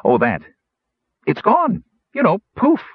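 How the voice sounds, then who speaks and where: Cheerful little gnome man, chatty and lively, read by a man; husky tone, dull dry sound. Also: sits high, takes it slowly, dry recording, pitched above the performer's own voice, full character voice. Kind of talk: audiobook character voice. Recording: slightly muffled recording.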